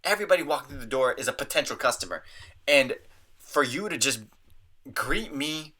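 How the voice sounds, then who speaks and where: Young male podcast host, bright tone, animated and crude, casual comic monologue. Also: mid-range voice, fast talker. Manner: animated, profane, jumps into mocking voices. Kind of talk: casual comedic rant.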